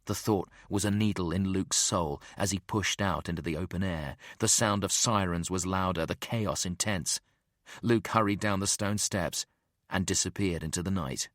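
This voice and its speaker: Deep-voiced male audiobook narrator. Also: moderate pace, fairly bright tone, no echo, studio quality. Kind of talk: scripted narration.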